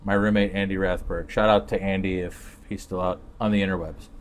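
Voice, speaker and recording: A man with a somewhat low voice chats on a podcast livestream from a backyard. He tells his stories with animation and laughs often along the way. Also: flat delivery, fairly quick, slight background noise. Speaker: podcast co-host. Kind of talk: casual chat. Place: backyard, outdoors. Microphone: phone livestream.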